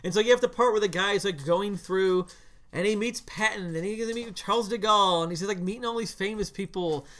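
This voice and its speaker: A man co-hosting a podcast, talking casually about a film in long, animated runs full of "like.". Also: sits high, fairly quick. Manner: animated, slips into mock voices to quote characters; talks in long runs with many "like" fillers. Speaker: podcast co-host.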